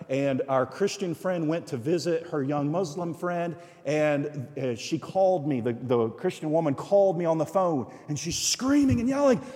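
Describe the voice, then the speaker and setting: A man preaching a sermon as a guest speaker, telling stories and acting out the voices of the people in them. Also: fairly high pitch. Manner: animated storytelling, acting out quoted voices. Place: church sanctuary. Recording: long church reverb.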